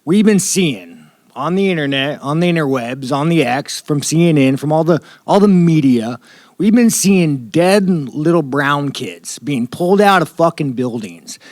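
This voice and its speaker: A man's voice: a little high, expressive, a little slow, darkish tone, no room sound, studio quality. A man from the United States, a professional fighter at a press scrum, talking in a blunt, rambling, profane way. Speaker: professional fighter at media day.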